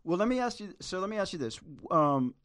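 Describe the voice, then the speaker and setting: A man's voice: high voice, sing-song, brisk, a bit bright, dry recording, clean studio sound. A man hosting a casual podcast conversation, easygoing and asking probing questions. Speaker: podcast host.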